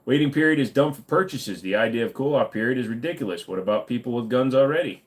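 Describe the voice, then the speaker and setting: A man hosting a livestream, answering chat in a casual, blunt manner. He swears freely and slips into rants. His voice sits at an ordinary middle pitch. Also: lively intonation, quick pace. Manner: blunt, profane, ranting. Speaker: livestream host reading chat.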